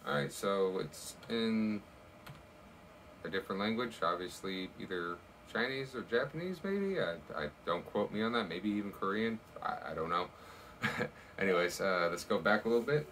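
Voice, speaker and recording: A man's voice: lowish voice, animated, moderate pace, a bit bright, distant mic, slight background noise, rough recording. A man hosting a music reaction video, chatting casually and thinking aloud, a little unsure of himself.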